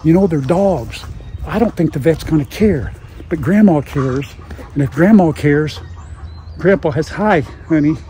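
A man's voice: fairly high pitch, lively intonation, unhurried, warm tone, slight background noise. An older man hosting a casual farm vlog in a folksy, chatty way, recorded on a lapel mic. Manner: folksy and chatty, talks sweetly to dogs. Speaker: farm vlogger.

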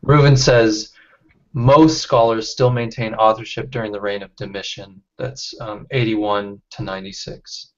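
A man's voice: lowish voice, fairly even intonation. Man leading an online study call. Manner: reads out chat comments, halting restarts. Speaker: study group leader. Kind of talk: casual online discussion. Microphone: computer mic on video call. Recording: dull lo-fi call audio.

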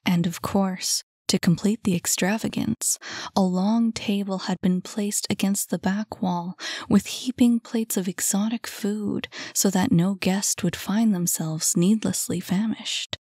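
A woman narrating a novel aloud in a soft, calm voice. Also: mid-range voice, husky, dry recording, studio quality. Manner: soft, calm, unhurried reading. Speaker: audiobook narrator. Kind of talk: scripted narration.

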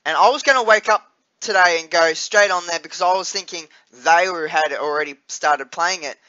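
High-voiced, rambling Australian man. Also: moderate pace, pushed and bright, dull audio. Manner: rambling, with many fillers and restarts, swearing freely. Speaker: vlogger. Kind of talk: casual vlog chat.

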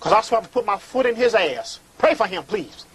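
A man's voice: high voice, lively intonation, quick pace, fairly bright tone, a little hiss or hum, poor audio. A man hosting a live call-in show, talking in a theatrical, preachy way and calling callers "honey".

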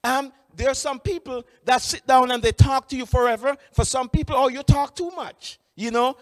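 A man giving a training lecture, telling lively stories with frequent restarts. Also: very high-pitched, dry recording, clean studio sound, in a large hall. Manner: animated storytelling, many restarts. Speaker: employment trainer.

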